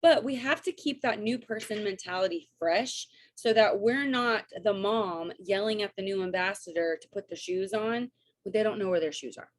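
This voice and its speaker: A woman, coaching her sales team on a video call in an energetic, chatty way and often checking in with "right?" and "okay?". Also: medium pitch, normal speed. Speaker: network marketing coach.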